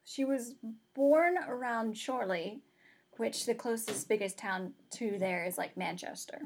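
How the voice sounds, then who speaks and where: A woman's voice: on the high side, measured pace, darkish tone, slight background noise. A woman in casual chat, talkative and prone to laughing and rambling tangents.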